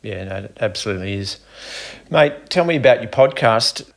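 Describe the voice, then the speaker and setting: A middle-aged Australian man with a fairly low voice, hosting a podcast interview. He keeps the chat friendly and matey, speaking to his guest like an old friend. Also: expressive, moderate pace, vocal fry. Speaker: podcast host. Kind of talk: casual chat.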